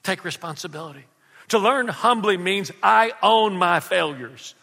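High, bright-voiced preacher in a reverberant hall. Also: male voice, unhurried, creaky, slightly rough. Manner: emphatic, calls out questions to the congregation. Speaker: pastor. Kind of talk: sermon.

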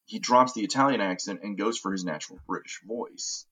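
A man's voice: on the low side, a little fast, bright, forceful tone, breathy edge, poor audio. A man hosting a casual movie podcast, talking in an opinionated, enthusiastic way with frequent restarts. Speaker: podcast host.

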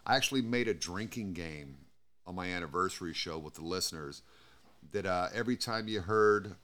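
With a sharp, expressive, lowish voice at a moderate pace, a man who hosts a podcast and DJs on radio chats casually. He swears without restraint and laughs often as stories come out.

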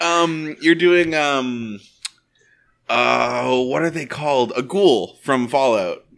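A man on a comedy podcast talking casually, animated and often laughing. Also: mid-range voice, creaky. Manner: animated, laughing, quick to sidetrack. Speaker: podcast co-host.

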